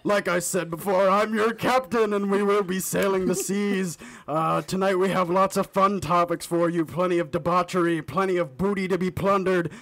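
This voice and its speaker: A man co-hosting a casual podcast, joking loudly and hamming up pirate talk. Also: sits high, fairly even intonation, normal speed, hardly any pauses. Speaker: podcast co-host.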